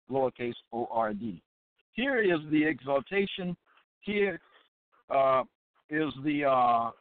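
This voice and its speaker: A man giving a sermon-style Bible lesson, deliberate and repetitive, often stopping to check that listeners follow. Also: a little high. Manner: deliberate and repetitive, with many fillers and check-ins. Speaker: Bible teacher. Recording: tinny phone-like line, dry.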